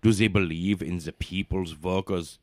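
A man's voice: deep voice, fairly even intonation, moderate pace, no room sound, clean studio sound. A man playing a tabletop role-play character, delivering grandiose, lecturing revolutionary speeches. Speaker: player.

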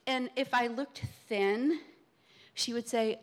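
A woman telling a personal story live on a theater stage, halting and searching for her words. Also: fairly high pitch.

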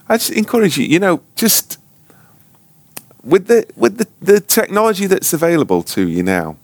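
A ministry school teacher leads an informal Bible class in a high-sitting male voice, recorded with no room sound. He rambles and jokes, frequently cutting himself off mid-sentence.

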